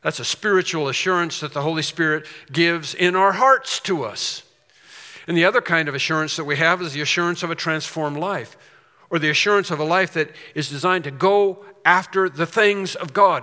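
A man's voice: fairly high pitch, moderate pace, sharp tone, long reverb tail. A man preaching a sermon as a pastor, earnest and emphatic, with storytelling asides.

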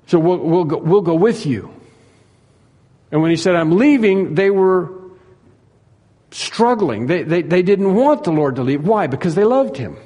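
A man's voice: sits high, expressive, unhurried, long pauses, dark tone, long reverb tail. A man preaching a sermon in an earnest, repetitive way, acting out the dialogue he tells.

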